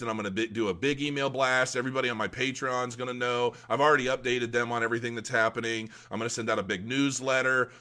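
A man hosting a casual crypto vlog, talking straight to his viewers in a rambling, excitable way with lots of fillers and restarts. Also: mid-range voice. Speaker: crypto video host.

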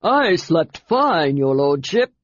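A reader voicing a boastful, pompous male hobgoblin lord who talks loudly and brags. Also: mid-range voice, very animated, slow, husky, no room sound, muffled recording, heavily acted. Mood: blustering. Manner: loud, blustering, self-important.

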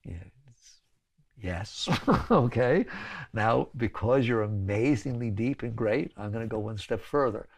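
A man's voice: medium pitch, normal speed. A man teaching a spiritual talk to an audience, conversational, often checking in with "right?" and "okay?" and laughing between points.

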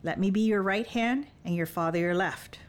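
A woman's voice: medium pitch, normal speed, lightly acted. A woman narrator voicing a fierce, teasing young warrior woman who speaks in a bold, old-fashioned way in an audiobook. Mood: determined. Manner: archaic, bold and playful. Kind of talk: audiobook dialogue.

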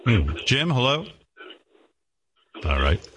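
A man's voice: medium pitch, big pitch swings, takes it slowly, fairly bright tone, slight background noise. A middle-aged man hosting a radio talk show, ranting with profanity and indignation.

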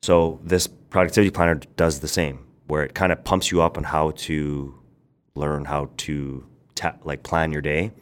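Speaking in rapid bursts, a deep-voiced young man rambles through stories during a casual podcast interview. He's the founder of a brand and slips into animated voices to quote people.

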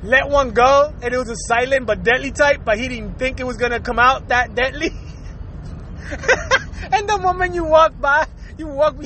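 A very high, bright-voiced man hosts his show at a normal speed, with a little hiss or hum audible. His rant is casual, funny and full of swearing, punctuated by laughter and by repeated words and false starts.

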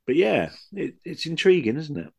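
A man co-hosting a casual podcast, modest and agreeable, speaking softly. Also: a little high, sing-song, normal speed, vocal fry, breathy edge. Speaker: podcast co-host.

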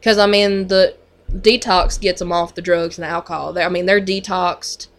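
A woman's voice: on the low side, fairly even intonation, moderate pace. Chatty woman telling a work story. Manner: chatty, full of "like" and "you know" fillers. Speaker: mental health unit worker. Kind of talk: casual conversational storytelling.

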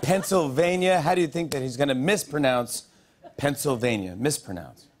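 Hosting a late-night comedy show in a TV studio, a man with a medium-pitched voice delivers a monologue at a moderate pace and runs a game with audience members, joking and laughing along the way. The recording is loud with the live audience's laughter, cheering and noise.

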